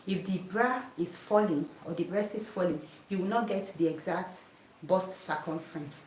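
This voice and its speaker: A woman's voice: lowish voice, moderate pace, a little mellow, slight background noise. A woman teaching a sewing class by demonstrating on a mannequin, who talks patiently, repeats each step and keeps asking if you saw it. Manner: patient, repeats steps, asks "did you see it?". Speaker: sewing instructor. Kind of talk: hands-on demonstration lesson. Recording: echoey room, voice from a distance.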